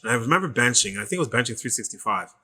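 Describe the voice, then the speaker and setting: A middle-aged male trainer chatting casually on a podcast. His voice is bright, forceful and tense, and his middle-of-the-road pitch jumps whenever he acts out the people in his stories. He swears often and talks in loose, rambling runs. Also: racing. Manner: animated storyteller who acts out quoted voices and swears freely. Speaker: personal trainer.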